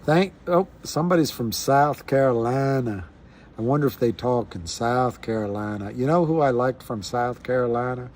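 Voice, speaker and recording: A man's voice: medium pitch, animated, moderate pace, darkish tone. A man hosting a casual livestream, musing aloud in a rambling way with frequent restarts. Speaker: livestream host.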